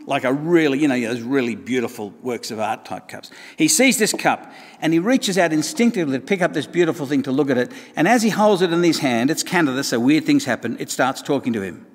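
A man's voice: mid-range voice, expressive, brisk, in a large hall. A man preaching a sermon in a conversational way, with wry asides and emphatic points.

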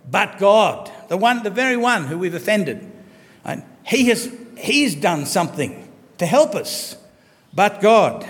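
A man preaching a sermon, earnest and emphatic, slowing down to stress key phrases. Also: on the high side. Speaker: pastor. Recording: long hall reverb.

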